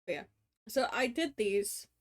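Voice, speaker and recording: A woman's voice: a little high, expressive, unhurried. An Australian woman in her late twenties, streaming casual chat while drawing, rambling with many fillers, casual swearing and frequent laughs. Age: late 20s.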